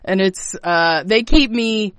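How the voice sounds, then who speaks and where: A woman, a guest on a radio show, telling stories in a lively way and laughing often. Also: mid-range voice, slow, no echo, clean studio sound. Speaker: guest, mother of two. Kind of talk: casual chat.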